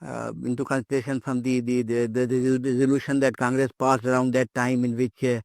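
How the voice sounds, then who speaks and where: A man's voice: mid-range voice, little pitch movement, a little fast, darkish tone, no echo. An older man giving an academic lecture, hesitant, with many fillers and repeated words.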